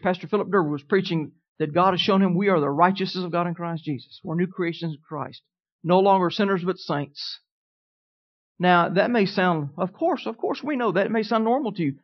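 A preacher delivers a sermon in a medium-pitched voice, speaking a little fast. He repeats declarations with building emphasis and puts questions to the congregation, captured on a dull, lo-fi recording.

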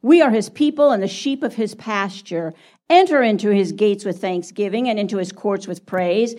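A woman's voice: mid-range voice, moderate pace, darkish tone. Woman reading scripture from off-mic. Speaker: scripture reader.

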